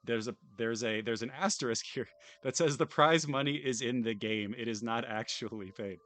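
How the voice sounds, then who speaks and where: A man's voice: mid-range voice, normal speed, a bit bright. A British man streaming live, reading game text aloud with wry, chatty, self-deprecating asides. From United Kingdom.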